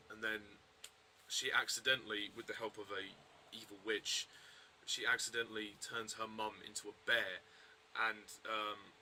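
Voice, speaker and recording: Bright-voiced man rambling through a review. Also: fairly low pitch, a little hiss or hum, rough recording. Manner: rambling, hesitant, many fillers and restarts. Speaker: film reviewer. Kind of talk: casual video review.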